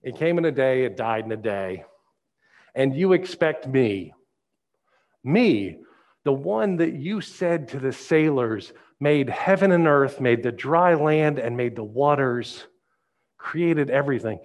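A man's voice: medium pitch, animated, slow pace, darkish tone. A man preaching, voicing God as he asks a string of reproachful questions. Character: patient, questioning God, a male voice.

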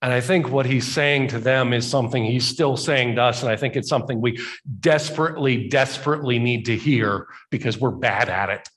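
A man preaching a sermon as a pastor, telling the story conversationally and slowing down for emphasis. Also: mid-range voice, a bit bright.

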